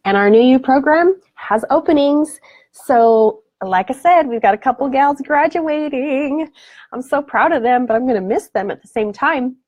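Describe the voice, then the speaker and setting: A woman's voice: high voice, expressive, moderate pace, darkish tone, no echo. Effusive woman coach hosting a live stream. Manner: effusive and affectionate, blows kisses. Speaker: spiritual awakening coach. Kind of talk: live stream chat answering viewer comments.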